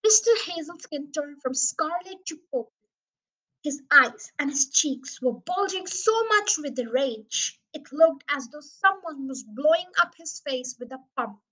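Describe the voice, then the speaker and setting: A woman with a high voice reads a children's novel aloud, chapter by chapter. Her delivery is careful and plain, with lively emphasis on the story. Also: a little slow, poor audio. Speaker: audiobook reader. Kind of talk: storybook reading.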